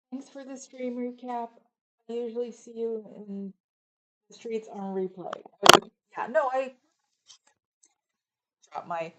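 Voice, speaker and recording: Hosting a livestream, a middle-aged Californian woman reads out viewer comments and rambles casually. Her voice is on the high side with a sharp tone, and the audio is poor.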